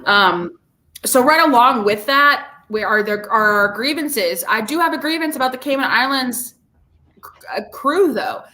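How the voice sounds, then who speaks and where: A woman co-hosting a podcast in casual chat, bubbly and gushing, often repeating herself when excited. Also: on the high side, moderate pace. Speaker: podcast co-host.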